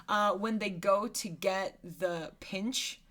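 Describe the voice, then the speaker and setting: A woman in her thirties co-hosts a casual movie podcast. She talks in an animated, chatty way and laughs often as she makes her points. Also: medium pitch, slow pace. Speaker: podcast co-host. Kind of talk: casual movie-discussion chat.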